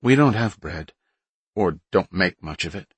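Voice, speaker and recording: A man's voice: deep voice, expressive, a little slow, breathy edge, no room sound, exaggerated voice. A man voicing an envious, food-loving woman nurse with a thick Boston accent in an audiobook.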